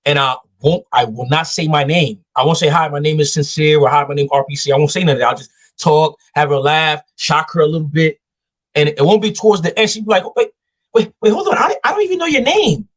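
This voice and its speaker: A man's voice: fairly high pitch, steady tone, fast talker. A man hosting a live talk show, giving casual dating advice and acting out quoted voices as he tells stories. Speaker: show host.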